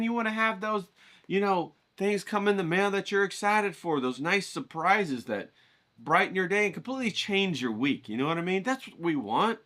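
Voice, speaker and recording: A man giving a casual, profane pep talk on his art vlog, energetic and full of "you know"s. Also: high voice. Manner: energetic, swearing, pumped-up, lots of "you know". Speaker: art vlogger.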